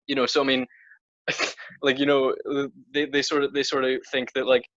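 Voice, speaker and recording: A man's voice: medium pitch, flat delivery, moderate pace, a bit bright, no echo. A man with a Northern Irish accent co-hosting a podcast in casual chat, rambling with many restarts and fillers. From Northern Ireland. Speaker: podcast co-host. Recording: dry, dull lo-fi sound.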